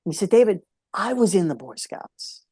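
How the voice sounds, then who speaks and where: A man's voice: high-pitched, big pitch swings, normal speed, warm tone, husky, no echo. A man speaking as a podcast guest, telling a heartfelt story in an earnest way and repeating key phrases for emphasis.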